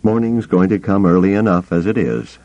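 Man doing a gruff, weary soldier. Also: low-pitched, lively intonation, fairly quick, dark tone, lo-fi sound, voice pushed up. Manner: gruff, brief.

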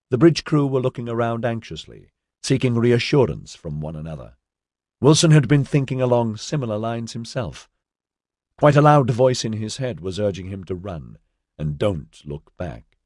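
A man narrating an audiobook in a measured storytelling manner, voicing all the characters. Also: medium pitch, animated, a little mellow, dry recording, clean studio sound. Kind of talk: scripted narration.

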